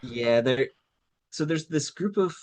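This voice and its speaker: A man's voice: a little high, lively intonation, unhurried, a little mellow. A man co-hosting a casual review podcast, explaining things in an easygoing way. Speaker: podcast co-host.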